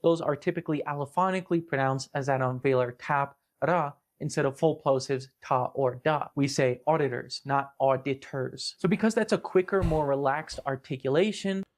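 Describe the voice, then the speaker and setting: A man with a North American accent narrating an explanatory video in a measured, precise way. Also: on the high side.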